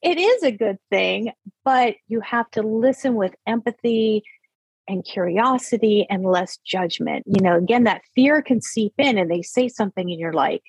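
Husky-voiced woman in her fifties. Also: mid-range voice, animated, a little mellow, dry recording, low-quality recording. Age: 50s. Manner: earnest, explanatory, slows down to stress points. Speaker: therapist and parenting guest. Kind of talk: conversational interview.

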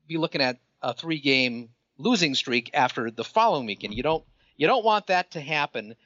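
Halting man with a muffled sound. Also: fairly high pitch, a bit bright, no echo. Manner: hesitant, repeats words while thinking. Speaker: podcast co-host. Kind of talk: casual sports chat.

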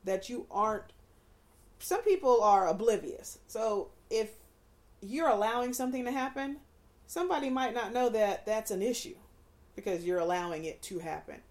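A woman's voice: fairly high pitch, moderate pace. A woman in her forties hosting a podcast, chatting candidly and telling stories with laughter. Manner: candid, laughing, animated storyteller. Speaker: podcast host. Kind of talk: casual chat.

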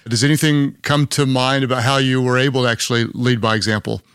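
A man with a Southern US accent hosting an interview, friendly and affirming with quick asides. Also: mid-range voice, little pitch movement, fairly bright tone, smooth, no echo, clean studio sound. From Oklahoma. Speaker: podcast host. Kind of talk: conversational interview.

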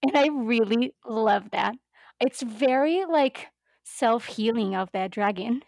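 A woman chats on a podcast in a slightly high voice, animated and giggly. She acts out the lines she quotes. The sound is close and dry. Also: slow, gravelly, dry recording. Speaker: podcast co-host. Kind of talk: casual chat.

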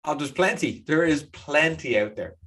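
A man's voice: a little high, lively intonation, moderate pace, fairly bright tone. A young man co-hosting a podcast, laid-back and agreeable, with dry humor. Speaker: podcast co-host. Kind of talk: casual chat.

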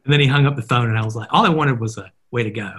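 A man's voice: medium pitch, very fast, a little hiss or hum. A man in his fifties, a marketer and podcast guest, telling stories in a casual interview and acting out the dialogue. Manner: animated, acts out dialogue in stories.

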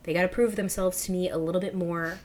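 Gushing excitable woman, lowish voice. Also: fast talker. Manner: gushing, excitable, many fillers. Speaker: podcast co-host. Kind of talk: casual fan chat.

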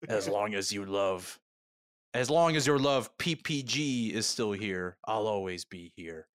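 A man intoning a slow solemn alien. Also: lowish voice, expressive, clean tone. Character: ancient enigmatic alien, male, slow and solemn.

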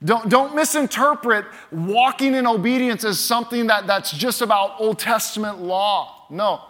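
A male pastor preaching a sermon, animated, acting out quoted voices in it. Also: high voice, normal speed.

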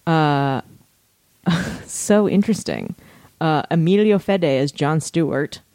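A woman's voice: low voice, animated, takes it slowly, warm tone, no room sound. A woman co-hosting a podcast, reading facts aloud in casual chat with frequent asides and laughter. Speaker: podcast co-host.

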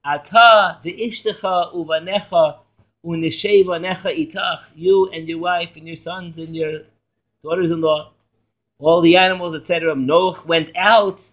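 Lively high-voiced rabbi teaching a class. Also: male voice, moderate pace, lo-fi sound. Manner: lively, quizzing students, joking. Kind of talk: animated Torah class.

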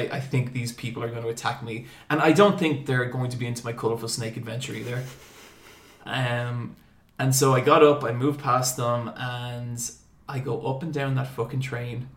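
A man's voice: medium pitch, normal speed. Man telling comic stories in a roomy studio. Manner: animated, swearing, comic storytelling. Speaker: podcast host. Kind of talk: casual storytelling chat.

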